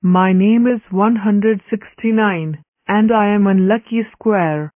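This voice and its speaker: A woman voicing a calm female counting-block character with a slow, flat announcing delivery. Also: medium pitch, no echo, natural voice. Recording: tinny dry lo-fi audio.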